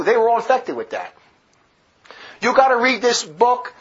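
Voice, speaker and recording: A man's voice: big pitch swings, normal speed, a bit bright, dull audio. A man preaching an impassioned, indignant sermon on church history, his voice rising and dropping sharply. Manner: fiery, indignant, restless pitch swings.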